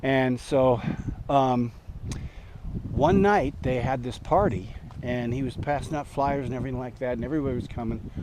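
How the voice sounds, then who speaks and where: A man's voice: mid-range voice, very animated, moderate pace, vocal fry, background noise. A man in his sixties telling a story from his past in a casual, rambling way, chuckling, with many fillers and restarts.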